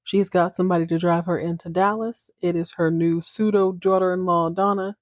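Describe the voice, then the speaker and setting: A woman's voice: fairly low pitch, fairly even intonation, fairly quick, hardly any pauses, no echo, clean studio sound. A woman hosting a casual podcast, giving a chatty, playful and dramatic retelling full of asides. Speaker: podcast host.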